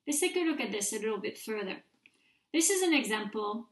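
A woman's voice: a little high, expressive. Patient woman teaching, roomy echo. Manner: clear, patient, repeats words slowly for students to copy. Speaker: French teacher. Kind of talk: recorded grammar mini-lecture.

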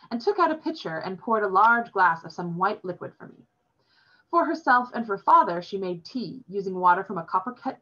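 Low-voiced woman reading a story aloud. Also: fairly bright tone. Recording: dull lo-fi sound.

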